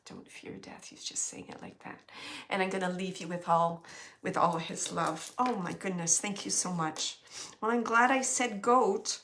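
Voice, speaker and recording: A woman working as a medium, giving a spirit reading to an audience, speaking softly, musing aloud and often dropping to a whisper. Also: medium pitch. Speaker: psychic medium.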